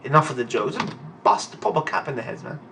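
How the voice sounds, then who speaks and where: A young man reading a manga aloud and reacting in a casual, profane, excitable way. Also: medium pitch, fairly quick, vocal fry, recorded from a distance, slight background noise.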